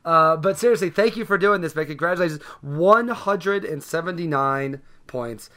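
A man's voice: on the high side, moderate pace, bright, forceful tone. A man hosting a casual sports trivia quiz on his show, upbeat and chatty. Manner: upbeat, chatty, frequent restarts and throat clearing. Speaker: podcast host running a trivia quiz.

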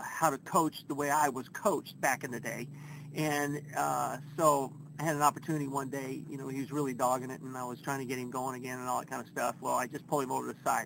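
A middle-aged man, a first base coach, telling a story in an interview in a folksy, animated way and acting out his own quotes. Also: mid-range voice, creaky, a little hiss or hum, poor audio. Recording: faint background ambience.

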